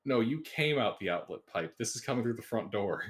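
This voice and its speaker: A man's voice: fairly low pitch, animated, brisk. A man running a tabletop game as game master, in an easygoing way.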